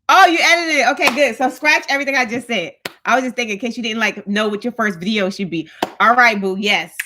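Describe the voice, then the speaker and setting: A woman's voice: on the high side, bright, forceful tone, slight background noise. A woman in her thirties hosting a casual live stream, chatting with viewers, greeting them by name and laughing often. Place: home, in front of lights.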